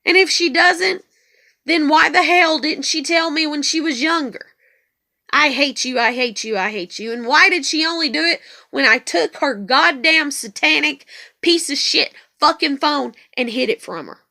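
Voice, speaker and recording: A woman with a high, bright, piercing voice delivers an angry vlog monologue. She swears constantly and drives her points home by repeating them. The delivery is raw and emphatic. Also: moderate pace, vocal fry. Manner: heavily profane, ranting. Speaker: vlogger. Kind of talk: emotional monologue.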